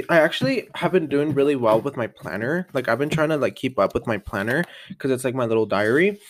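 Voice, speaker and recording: A man's voice: medium pitch, dry recording, clean studio sound. A man vlogging a casual catch-up, chatty and upbeat, rambling with lots of fillers and little laughs. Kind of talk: casual catch-up vlog chat.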